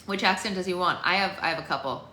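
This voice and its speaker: Playful woman hosting a bright live chat. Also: fairly low pitch. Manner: playful, quick to laugh. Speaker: book club host. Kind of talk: casual livestream chat. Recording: echoey room with faint noise.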